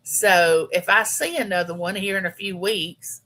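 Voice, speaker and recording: Bright-voiced woman in her fifties. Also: medium pitch, steady tone, a little slow. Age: 50s. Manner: chatty, homey, talks straight to her viewers. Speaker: live-stream host. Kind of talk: casual live chat with viewers.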